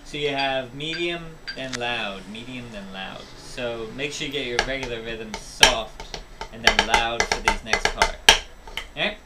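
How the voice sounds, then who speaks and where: At a measured pace, a man with a medium-pitched voice gives an instructional drum tutorial, explaining each step and counting rhythms out loud. The recording is very noisy, with loud drumming and music in the background.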